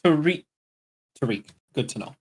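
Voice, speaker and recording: Slow, sarcastic man at a game table. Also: medium pitch, lively intonation, slight background noise. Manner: dry, exasperated sarcasm. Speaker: player. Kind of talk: tabletop role-play in character.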